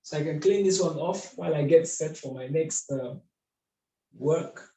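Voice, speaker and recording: Mellow man tutoring math. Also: fairly high pitch, a little slow. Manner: methodical, asks rhetorical questions. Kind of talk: whiteboard lesson. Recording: echoey room.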